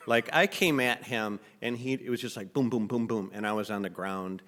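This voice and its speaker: A man who is a guest on a casual podcast. He tells a story in a blunt, animated way. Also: medium pitch, moderate pace, big-room sound. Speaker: artist guest. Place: studio.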